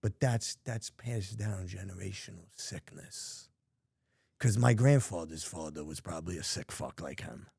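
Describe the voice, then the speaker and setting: This podcast guest is a middle-aged man from New York candidly telling his life story with profane, emphatic street language. He has a deep, creaky, darkish voice with some breathiness, speaking a little slowly on a dry, studio-quality recording.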